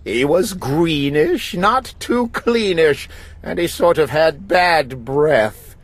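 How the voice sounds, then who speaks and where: A woman reading a children's story aloud in an expressive, sing-song way. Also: low voice, slow, husky.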